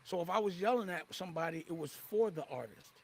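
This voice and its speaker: A man's voice: high-pitched, lively intonation, fast, gravelly. A man defending himself in an interview, indignant, often repeating and restarting mid-sentence. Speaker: interviewee in a played clip. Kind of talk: heated interview talk.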